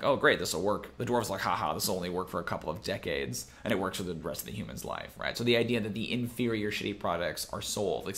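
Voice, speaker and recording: Young guy from minnesota chatting through ideas, low gravelly voice that swings up and down a lot, keys clacking. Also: a bit bright. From Minnesota, USA. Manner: thinks aloud with many fillers and restarts. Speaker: game master and show host. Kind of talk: casual livestream chat, reading viewer comments.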